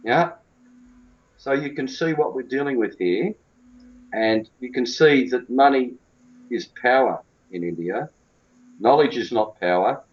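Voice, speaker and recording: A middle-pitched man talks in a blunt, emphatic and colloquial way, a cricket coach giving an interview. The recording sounds a little dull. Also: animated, a little slow, long pauses.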